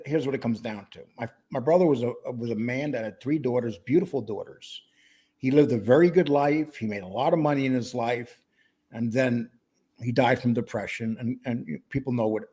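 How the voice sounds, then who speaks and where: A man's voice: mid-range voice, moderate pace, warm tone, husky. A man hosting a casual livestream podcast, blunt and matter-of-fact, reading out viewer chat.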